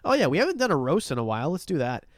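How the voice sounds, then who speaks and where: A man's voice: on the high side, wildly swooping pitch, racing, no room sound, studio quality. A young Canadian man hosting a casual livestream, rambling and reading out viewer comments as he thanks people. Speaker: livestream host. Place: warm room under a heat lamp.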